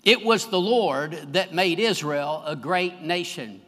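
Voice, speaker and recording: A pastor with a high, bright, penetrating voice preaches a fervent sermon to his church at a slow pace. His words ring with the long reverb of a large sanctuary, swelling louder on the key phrases.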